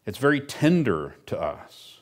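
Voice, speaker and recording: A man's voice: medium pitch, sing-song, a little slow. A middle-aged man preaching a sermon as pastor, emphatic and earnest, with dry humorous asides.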